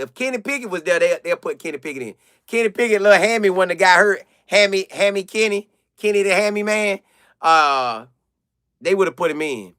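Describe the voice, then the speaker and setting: A man's voice: high voice, big pitch swings, moderate pace, a bit bright, dry recording, studio quality. A man hosting a casual sports live stream, reading viewer comments aloud and reacting in loose slang.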